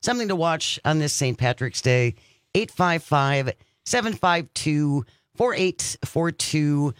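A man's voice: on the high side, expressive, a bit bright, smooth, no echo. A man hosting a radio talk show, chatting casually and upbeat in the studio. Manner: upbeat, chatty, reads phone number slowly. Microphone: studio microphone.

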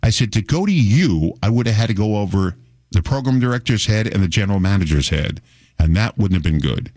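A man's voice: fairly low pitch, lively intonation, fairly quick, a little mellow, no room sound, studio quality. A middle-aged man hosting a radio show, talking in a chatty, wry way and chuckling often. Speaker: radio host. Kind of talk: casual radio talk.

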